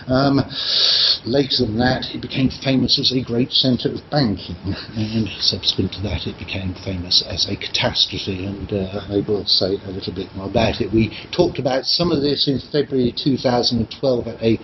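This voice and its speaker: An older man giving an academic lecture, pausing often with ums and restarting his phrases. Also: mid-range voice. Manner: halting, many ums and restarts. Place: lecture room. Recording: dull, noisy lecture recording.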